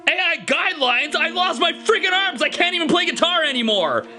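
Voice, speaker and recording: A man voicing a panicky young man, a fearful dentist patient who yelps in alarm in an animated skit. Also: fairly quick, exaggerated voice. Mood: panicked. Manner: yelps and shouts in alarm, high and frantic. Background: music.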